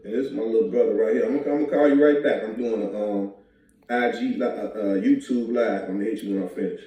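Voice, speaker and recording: A man talking on a live stream, brash and quick in bursts. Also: fairly low pitch, muffled recording. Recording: echoey, distant live-stream clip.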